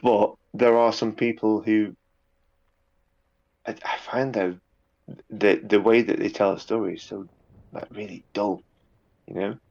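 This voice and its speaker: A man's voice: lowish voice, steady tone, a little slow, gravelly, long pauses, a little mellow, dull audio. A man chatting casually in an interview, rambling a little with repeated words and fillers. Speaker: guest, YouTube narrator.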